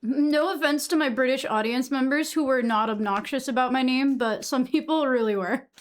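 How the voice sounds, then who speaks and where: A woman's voice: high voice, moderate pace. A young woman from Massachusetts chatting casually with her stream audience, answering chat messages and swearing freely.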